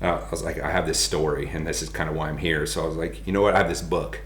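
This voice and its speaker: A man in his thirties from the United States, a podcast guest telling stories in a casual, animated way and laughing as he goes. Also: extremely low pitch, fast talker. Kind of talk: casual storytelling. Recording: roomy echo.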